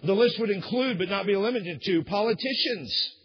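A man's voice: sits high, moderate pace, lo-fi sound. A man preaching a sermon in a conversational way, acting out quoted voices and restarting words as he goes. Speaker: pastor.

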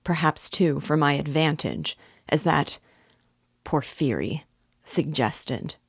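A woman's voice: sits low, expressive, takes it slowly, slightly rough, dry recording, studio quality, full character voice. A woman reading the lines of a tormented, proud young man in a novel, brooding and at times furious. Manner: brooding, bursts into fury.

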